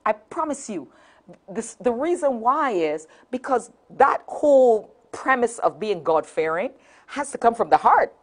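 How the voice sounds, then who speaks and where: A woman's voice: fairly high pitch, very animated, a little slow. A woman with a Caribbean accent hosting a talk show, talking straight to viewers in a sassy, preachy, slangy way. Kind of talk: lively talk show monologue. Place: TV studio.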